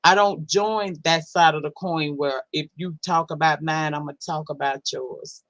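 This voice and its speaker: A woman's voice: sits low, steady tone, unhurried, a bit bright, dry recording. A woman hosting a casual livestream, reading out chat comments in a blunt, profane, sassy way and drawling words for emphasis. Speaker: livestream host.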